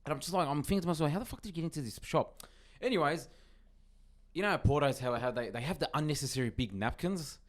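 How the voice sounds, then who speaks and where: A man telling a story in a casual podcast chat, animated, repeating his words. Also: a little high, fast talker. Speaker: podcast co-host.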